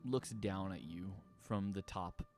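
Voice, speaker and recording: Low-voiced slow male game master. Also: music in the background. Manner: casual narration with fillers. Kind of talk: narrating a tabletop game.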